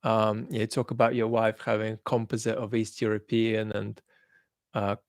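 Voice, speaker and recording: With a lowish, level voice at normal speed, a male livestream host reads viewer comments aloud in clean studio sound with no room sound. His mixed accent carries traces of Australian and London, and he speaks thoughtfully with many ums before turning blunt as he judges.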